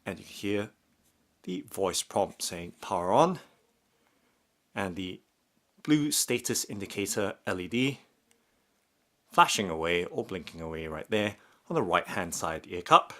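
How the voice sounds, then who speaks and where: A man narrating an unboxing and demonstration step by step, in a slow and methodical way. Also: low voice, lively intonation, sharp tone. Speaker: product reviewer.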